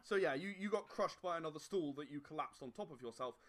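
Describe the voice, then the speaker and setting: Man, game master, tabletop game, lively swinging pitch, hesitant fillers. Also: quick pace. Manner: hesitant, filler-heavy, with sudden animated outbursts.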